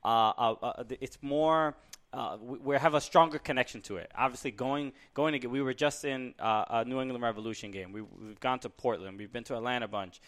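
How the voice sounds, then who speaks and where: A man co-hosting a podcast in casual chat, thinking aloud with many restarts and pauses. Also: medium pitch, fairly bright tone. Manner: hesitant, many restarts and uh's. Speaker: podcast co-host.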